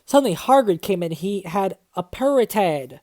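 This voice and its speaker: A woman's voice: medium pitch, animated, moderate pace, warm tone, no room sound, studio quality. A woman in her twenties doing a comedic dramatic reading, with exasperated, swearing asides. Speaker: host reading and reviewing a fanfic.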